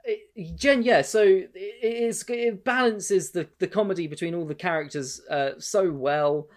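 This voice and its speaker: A man's voice: high-pitched, measured pace. A man co-hosting a podcast, chatting casually, rambling with many restarts and swearing freely. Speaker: podcast co-host. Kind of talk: casual chat.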